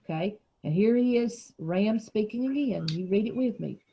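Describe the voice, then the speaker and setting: A woman's voice: mid-range voice, normal speed, dark tone, breathy edge, lo-fi sound. A woman teacher leading a reading lesson for young children, explaining patiently and encouraging them.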